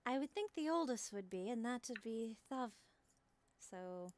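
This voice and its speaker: A woman's voice: a little high, expressive, measured pace. A woman playing a tabletop game, chatting casually and giggling. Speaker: player. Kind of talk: casual chat.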